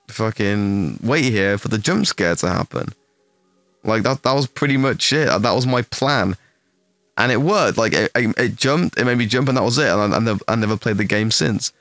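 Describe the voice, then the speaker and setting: A man's voice: medium pitch, no echo. A young man casually telling a rambling, profane story to his stream, acting out the lines of the people in it. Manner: profane, animated anecdote with acted-out quotes.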